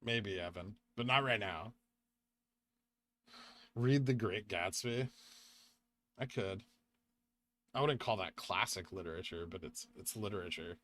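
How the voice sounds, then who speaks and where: A young man hosting a casual livestream, chatting with viewers, reading out donations and making quick asides. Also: on the low side, fairly bright tone. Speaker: livestream host.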